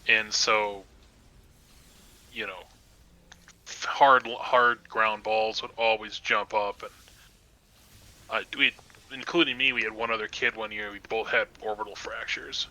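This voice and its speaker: A man's voice: on the low side, steady tone, unhurried, long pauses, bright, forceful tone, heavily acted, low-quality recording. A man voicing a wacky, dim guy in a mock Boston-New York hybrid accent, rambling on in folksy stories.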